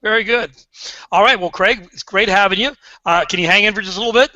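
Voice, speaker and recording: Upbeat male host on a headset, fast talker, dry sound. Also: high voice, bright, forceful tone, no room sound, lo-fi sound. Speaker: radio show host. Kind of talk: live talk radio hosting.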